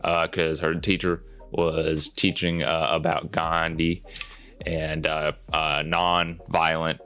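A man's voice: very deep voice, level tone, slow, bright, forceful tone. A man with a Southern accent co-hosting a podcast, recapping a movie in rambling casual chat with lots of fillers. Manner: rambling, many fillers and restarts. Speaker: podcast co-host.

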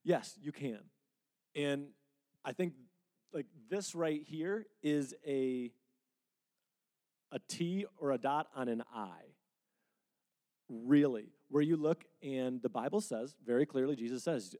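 A man's voice: mid-range voice, slow, pauses often, warm tone. A man preaching and answering questions in a conversational, earnest way, sometimes acting out quotes. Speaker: pastor. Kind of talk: sermon Q&A.

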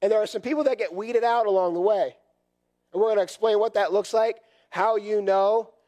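A man with a fairly high voice, hoarse from a cough, leads a group teaching session. He talks conversationally and circles back on his points, checking in with listeners again and again. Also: fairly even intonation, brisk, warm tone. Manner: repetitive, conversational, constantly checks in with "right?". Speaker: session leader at church workshop.

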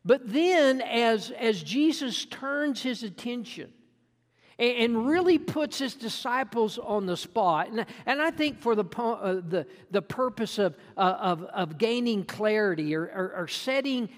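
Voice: medium pitch, animated, measured pace. A preacher delivering a sermon in an earnest, emphatic way, often restarting phrases as the points build. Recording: long reverb in a large hall.

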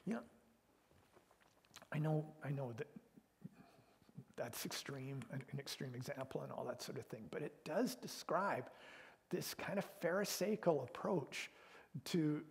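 A pastor delivers an earnest, conversational sermon, his voice sitting a little high for a man and carrying a gravelly edge. He often sinks into hushed, half-whispered passages. A long reverb trails after every phrase.

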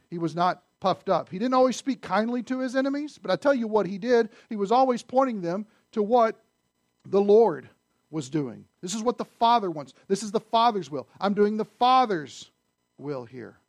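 A man preaching a sermon in a conversational way, asking the listeners questions and swinging between loud emphasis and hushed asides. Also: high-pitched, expressive, moderate pace, no room sound, clean studio sound. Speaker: pastor.

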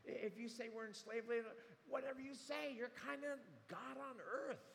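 A man's voice: extremely high pitch, moderate pace, gravelly, fairly bright tone. A man preaching a sermon, retelling the story animatedly and acting out quotes. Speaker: pastor. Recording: long hall reverb, faint room noise.

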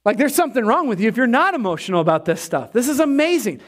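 A male pastor preaches with an animated, emphatic delivery and hammers key phrases through repetition. His voice sits high for a man. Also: fast talker. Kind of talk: sermon.

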